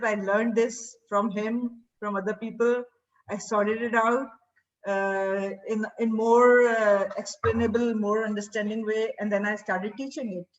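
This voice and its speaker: A woman, a healer telling her own story in a chatty way, with many fillers and restarts. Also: medium pitch. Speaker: healer and seed therapy teacher. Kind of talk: personal storytelling. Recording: distant, dull lo-fi sound.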